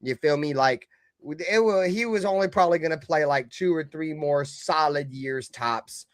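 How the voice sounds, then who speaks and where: Fan-show co-host, man, high voice, profane rants that swing loud to muttered. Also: moderate pace, no room sound, clean studio sound. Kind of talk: heated live-stream sports talk.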